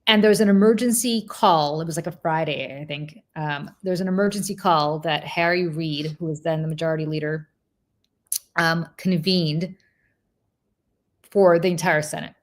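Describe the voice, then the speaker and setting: A woman hosting a political talk show, telling a story in an animated, casual way with asides and restarts. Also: deep voice, normal speed. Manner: slips into mocking quoted voices of politicians. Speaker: political commentator and show host.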